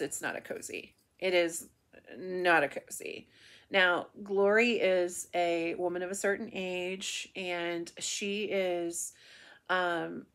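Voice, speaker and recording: A woman's voice: medium pitch, fairly bright tone. A woman from the Ozarks chatting casually through her monthly book reviews, rambling with frequent restarts and fillers. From Ozarks region of the United States.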